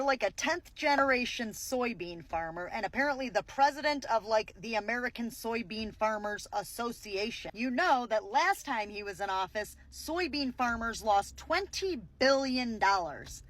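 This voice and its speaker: High-pitched woman ranting with sarcasm. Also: animated, moderate pace, a bit bright, rough recording. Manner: sarcastic, swearing, mocking impressions. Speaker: commentator. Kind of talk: angry reaction rant.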